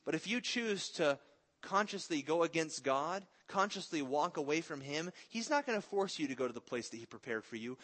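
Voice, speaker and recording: This sermon comes from a pastor in his thirties whose slightly high, bright voice carries a forceful tone. He keeps it earnest and conversational, mixing in anecdotes about his family.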